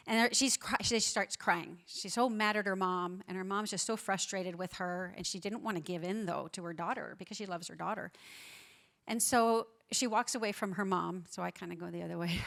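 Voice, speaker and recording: Emphatic woman speaker at a conference. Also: mid-range voice. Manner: emphatic, builds up lists of words; drops to a soft, quiet voice when telling a story. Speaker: pro-life educator giving a conference talk. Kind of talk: conference talk with Q&A. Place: large conference hall on stage.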